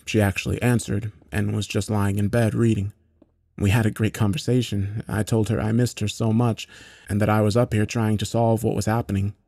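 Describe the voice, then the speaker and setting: A man narrating a horror story in a measured, matter-of-fact way, with occasional swearing. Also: lowish voice, little pitch movement, creaky, darkish tone, no room sound, clean studio sound.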